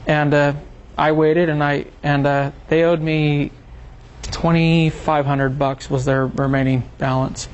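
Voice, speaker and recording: Seminar presenter, male, slightly high voice, chatty and animated, acts out the people he quotes. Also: takes it slowly, clean tone. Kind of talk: seminar talk to a small group.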